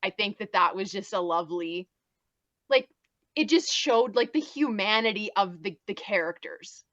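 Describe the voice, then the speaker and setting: A woman's voice: expressive, normal speed, fairly bright tone, dry recording, dull audio. A woman on a fan podcast panel, talking enthusiastically and acting out cartoon lines. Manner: enthusiastic, acts out cartoon lines in higher voices. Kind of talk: casual podcast chat.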